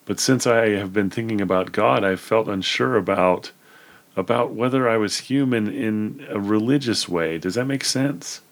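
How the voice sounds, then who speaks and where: A man's voice: lowish voice, moderate pace, close to an everyday voice. A man reading aloud the lines of an uncertain young man asking earnest questions. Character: uncertain, searching young male character.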